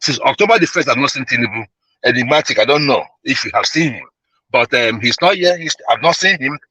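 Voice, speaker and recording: A male caller giving opinionated commentary on a call-in show, animated and emphatic, with many fillers and repeated words. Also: mid-range voice, brisk, slightly rough, dry recording, low-quality recording.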